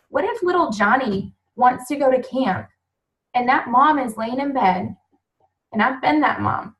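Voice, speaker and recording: A woman with a slightly high voice speaks to her team on a group call. She is earnest and openly emotional, urging newcomers on with heartfelt encouragement. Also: far from the mic, muffled recording. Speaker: team leader welcoming new members. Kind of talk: motivational talk on a group call.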